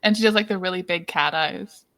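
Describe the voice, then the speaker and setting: A woman's voice: on the low side, a little fast, gravelly, fairly bright tone. A woman playing a tabletop game, sweet and coaxing as she describes her character. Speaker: player.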